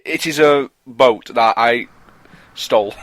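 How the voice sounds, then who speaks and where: A man's voice: mid-range voice, slow pace, no echo. A man, co-hosting a podcast and teasing his friends. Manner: lively, teasing. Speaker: podcast co-host. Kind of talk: casual chat.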